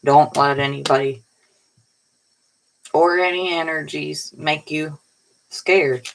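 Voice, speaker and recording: A woman's voice: deep voice, fairly even intonation, takes it slowly, vocal fry, a little hiss or hum, low-quality recording. A woman tarot reader giving a casual, rambling spiritual pep talk in a colloquial way, sounding tired. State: tired, yawning.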